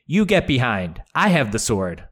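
A man's voice: medium pitch, big pitch swings, normal speed, fairly bright tone. A man doing a blunt, stubborn woman knight.

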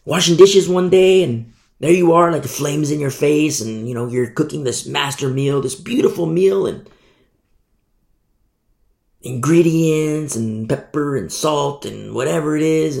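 A man's voice: fairly high pitch, unhurried, creaky, a little mellow. A man preaching a Bible teaching in a conversational way, acting out little scenes as he goes. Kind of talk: sermon. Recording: echoey room.

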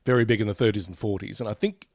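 A man's voice: lowish voice, racing, darkish tone, no room sound, clean studio sound. A man co-hosting a podcast, chatting casually, rambling with many fillers and frequent laughter. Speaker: podcast co-host. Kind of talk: casual chat.

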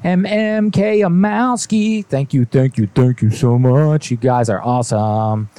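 A man's voice: medium pitch, unhurried, dark tone, no echo. A man hosting a casual livestream, reading out viewer messages in loose slang and swearing freely. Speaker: livestream host.

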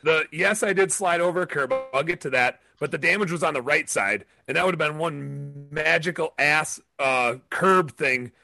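A man co-hosting a podcast, telling his side of a story in a defensive, deliberate way. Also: a little high, vocal fry, music in the background. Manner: defensive, slow and deliberate, with restarts. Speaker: podcast co-host.

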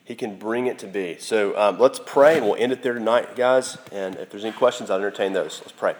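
Young male campus preacher, low voice, earnest and halting, repeats words mid-prayer. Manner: earnest, repeats words while searching for them. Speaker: campus minister. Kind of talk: sermon and closing prayer.

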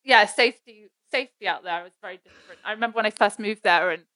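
A woman's voice: mid-range voice, fast talker, pushed and bright. A young woman in casual chat who hesitates, corrects herself often and giggles.

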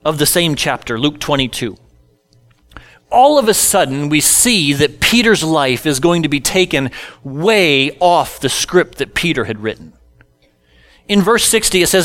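A male pastor preaching a sermon at a slow, deliberate pace, with a voice that sits a bit higher than most men's. He tells scripture stories and acts out the characters in casual everyday speech. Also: animated, a bit bright.

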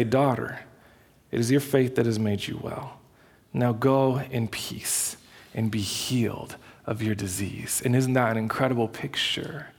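Man preaching a conversational sermon. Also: medium pitch. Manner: conversational, animated storytelling with many restarts. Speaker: pastor.

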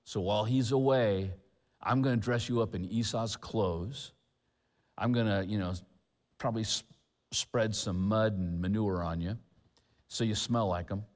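A man's voice: on the low side, unhurried, close to an everyday voice. A man voicing a scheming mother laying out a plan to her grown son, in a plain conversational way, with long hall reverb. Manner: conversational, plotting aloud.

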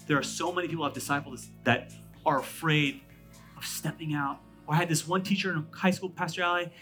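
His voice a little high, a California pastor in his thirties moves between emphatic, loud lines and soft-spoken asides during his sermon. He keeps things light with quick, conversational humor.

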